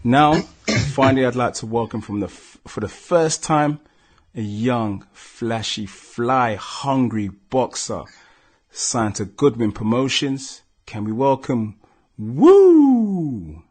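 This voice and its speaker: A man hosting a sports podcast, casual and upbeat, with shouted hype intros. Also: medium pitch, slow pace. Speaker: podcast host.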